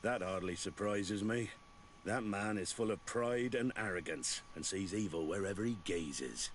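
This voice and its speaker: A man's voice: on the low side, measured pace, slight background noise, lightly acted. A man voicing a curt, scornful sea commander. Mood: dismissive. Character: guarded, dismissive male sea commander. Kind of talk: video game dialogue.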